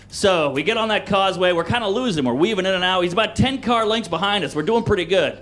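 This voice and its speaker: A man from Louisiana, a stand-up comedian telling a story and acting out yells and panicked quotes. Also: high-pitched, fast talker, few pauses.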